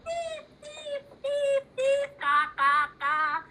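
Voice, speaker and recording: A woman voicing a proud male crow in a storybook tale, squawking high cries. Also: sing-song, extremely slow, sharp tone, slight background noise, full character voice.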